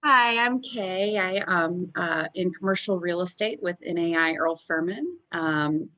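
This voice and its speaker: A woman's voice: on the low side, a little slow, sharp tone, lo-fi sound. A woman in her thirties introducing herself on a video call, hesitant and full of fillers. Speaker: meeting participant. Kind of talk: casual self-introduction.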